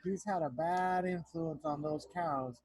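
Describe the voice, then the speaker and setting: A man's voice: a little high, measured pace, a little mellow, slight background noise, natural voice. A male teacher reading a storybook voices a fussy farmer checking in by phone, anxious and bossy. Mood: worried.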